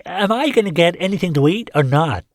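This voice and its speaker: A man's voice: high voice, lively intonation, brisk, no echo, studio quality, pitched above the performer's own voice. A man voicing a weary, defiant human landlord who sighs and dodges questions. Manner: sighing, evasive, cocky.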